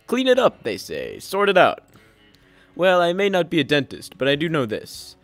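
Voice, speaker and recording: A self-important villain mayor played by a man who talks in big, booming, theatrical speeches. He is pompous and grandiose, and he loves the sound of his own voice in this comedic audio drama. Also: wildly swooping pitch, moderate pace, no room sound, faint music behind. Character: pompous scheming male city mayor villain.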